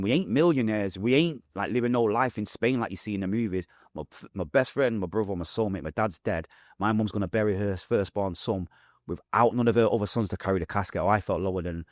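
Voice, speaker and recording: A man's voice: lowish voice, darkish tone, dry recording, studio quality. A man with a Manchester accent telling his life story as an interview guest, emotional and blunt with street slang. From England.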